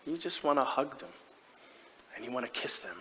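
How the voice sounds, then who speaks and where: A man's voice: mid-range voice, normal speed, a little hiss or hum. A man playing a proud, doting hockey dad in a comedic stage monologue, chatty and self-mocking. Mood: fond. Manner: chatty and self-mocking, with sudden excited outbursts. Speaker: stage actor. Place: large theatre stage. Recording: reverberant theatre hall.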